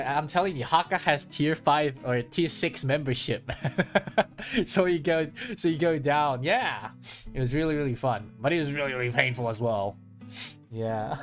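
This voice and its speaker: Animated young man telling a story. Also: a little high. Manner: animated, swearing, acts out friends' voices. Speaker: streamer. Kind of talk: casual storytelling chat with viewers. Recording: faint guitar music behind.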